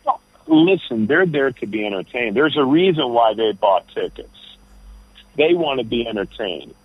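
A man's voice: mid-range voice, wildly swooping pitch, normal speed, husky, no echo. A man, a comedian guest, telling rambling stories over the phone from an airport. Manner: rambling, full of restarts and storytelling. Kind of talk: phone interview chat. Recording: dull, dry phone line.

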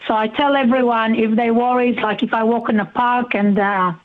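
Woman, radio guest by phone, high-ish voice, halting and heartfelt, tinny line. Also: steady tone. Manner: halting, heartfelt, slow with many pauses. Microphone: telephone.

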